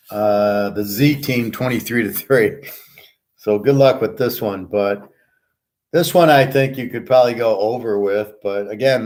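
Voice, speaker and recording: Male betting-show host, mid pitch, casual profane rambler giving picks.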